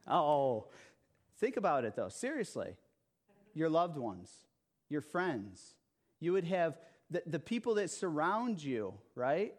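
A male pastor delivers a sermon in a slow, deliberate way, leaning on repetition and emphasis. His voice sits a little higher than most men's. He keeps checking in with the congregation with "okay?" and "right?". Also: very animated.

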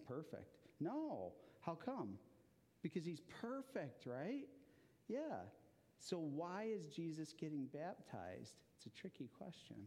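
A man giving an interactive children's sermon in a church, asking the listeners questions as he goes. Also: fairly high pitch. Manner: animated, asks the audience questions. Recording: long hall reverb.

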